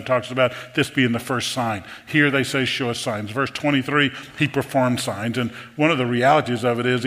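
A man preaching a sermon, animated and full of rhetorical questions to his congregation. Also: medium pitch. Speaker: pastor. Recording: long hall reverb.

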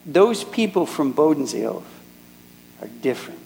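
Preacher guy doing a chatty older b&b lady, voice pushed up higher, echoey hall. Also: sing-song, moderate pace, vocal fry, a little mellow. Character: chatty older woman who runs a bed and breakfast.

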